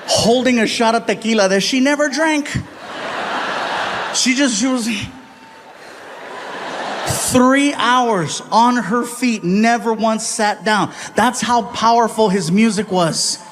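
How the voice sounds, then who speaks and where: Male stand-up comic on stage, high voice, chatty, teases the audience. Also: slow, pauses often, background noise. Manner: animated, chatty, ribs the audience. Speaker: stand-up comedian. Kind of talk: stand-up comedy. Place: live comedy stage.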